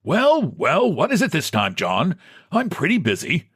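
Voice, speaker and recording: A smooth bank president talks down with easy condescension, as a man puts him on. His voice bounces, lively and a little raised. The sound is dry and close. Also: on the high side, a little slow, dry recording, voice pushed up, heavily acted. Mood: patronizing. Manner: breezy, patronizing.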